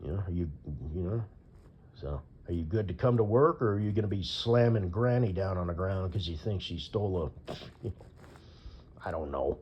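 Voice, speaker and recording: A man's voice: sits low, moderate pace, breathy edge, lo-fi sound. A man ranting in a rambling, profane commentary, full of "you know" fillers. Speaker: vlogger.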